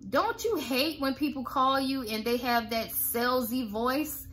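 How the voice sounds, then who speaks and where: A woman's voice: high-pitched, unhurried, fairly bright tone, slight background noise. A woman who owns a cleaning business, giving blunt, sassy, folksy coaching tips to camera.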